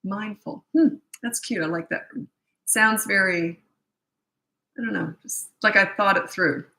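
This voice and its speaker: A woman's voice: mid-range voice, unhurried, creaky, bright, forceful tone. A middle-aged woman hosting a live parenting Q&A, chatty, blunt and self-deprecating as she answers viewer questions. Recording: echoey room.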